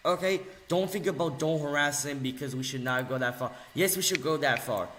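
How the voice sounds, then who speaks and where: A young man ranting angrily on video, mocking and insulting, swinging between low mutters and loud yells. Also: fairly quick, a little hiss or hum. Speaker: video ranter. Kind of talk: angry rant video. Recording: echoey room.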